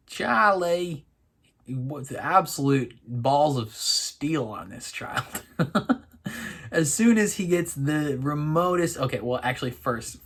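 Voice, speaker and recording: Slow, giggly rambling man reacting. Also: medium pitch. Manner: rambling, giggly, lots of fillers and restarts. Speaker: reaction video host. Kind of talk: casual reaction commentary.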